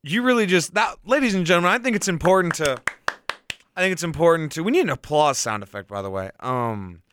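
A man co-hosting a casual podcast, talking fast and excitably, laughing easily. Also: on the high side, noisy background. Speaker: podcast co-host. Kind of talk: casual chat.

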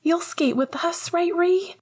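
A woman's voice: slow pace, a little mellow. A woman doing an eager, pleading little boy. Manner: high, begging lilt.

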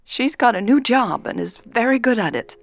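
A tipsy young woman, loyal to her best friend and sharp when she speaks up for her, her words slightly slurred, put on by a woman reading a romance audiobook. The voice sits high and bright, above the reader's low, gravelly tone. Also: big pitch swings, normal speed, no echo, soft background music. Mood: sharp, protective. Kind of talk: audiobook character voice.

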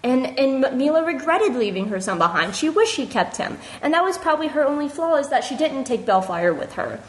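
A woman's voice: sits high, very animated, brisk, rough recording. A young woman leaving a heated, earnest voice message for a podcast, emotional and near tears, with many restarts. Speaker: fan caller sending a voice message to a podcast. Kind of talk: casual impassioned opinion.

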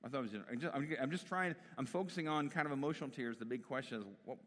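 A man preaching in a relaxed, talky way to his congregation, stopping now and then to ask them questions. His voice sits at an ordinary middle pitch, and a long reverb from the church hall trails after his words. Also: very fast. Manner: conversational, asks the congregation questions. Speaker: pastor. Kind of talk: sermon.

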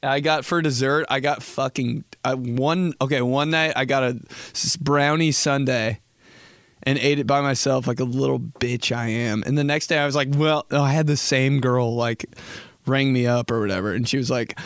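A man's voice: mid-range voice, steady tone, normal speed, gravelly, fairly bright tone, no room sound, clean studio sound. Profane rambling young podcast host, man. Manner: profane, rambling, jokey storytelling. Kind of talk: solo casual podcast chat.

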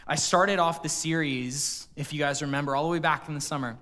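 A male pastor preaching a sermon, retelling a story quietly and then speaking up to address the church. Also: fairly high pitch, steady tone, brisk. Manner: storytelling, quiet and hushed at emotional quotes, rising when addressing the church. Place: church auditorium.

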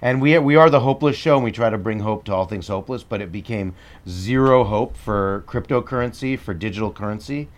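A man's voice: lowish voice, fairly quick. A man co-hosting a podcast in casual chat, making blunt, dismissive remarks and moving the show through its segments. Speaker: podcast co-host.

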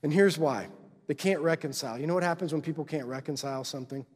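A man's voice: on the high side, quick pace, slightly rough, big-room sound. A male pastor preaching a sermon in a church, talking conversationally and checking in with the congregation with constant tag questions. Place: church sanctuary.

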